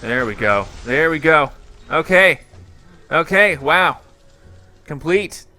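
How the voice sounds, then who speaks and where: Bright-voiced, excitable man reacting. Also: a little high, slow, soft background music. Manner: excitable, exclaims and yells at the game. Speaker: YouTuber reacting to videos. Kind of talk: excited gaming commentary.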